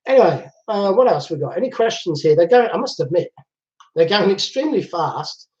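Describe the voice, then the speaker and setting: A man hosting a casual live chat from home, chatting and laughing easily as he reads out viewer comments. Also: high voice. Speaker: livestream host. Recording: dull lo-fi livestream audio.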